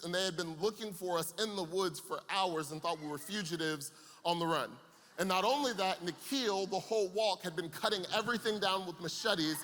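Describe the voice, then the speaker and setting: A man's voice: high voice, bright, forceful tone. A young man preaching to a youth camp, telling a comic story with playful asides before turning serious. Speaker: camp speaker. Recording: long hall reverb.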